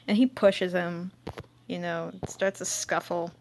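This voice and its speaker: A channel host reads through an old comic with casual commentary, rambling, giggling and poking fun at herself. Her voice is lowish and darkish, slow, with little pitch movement.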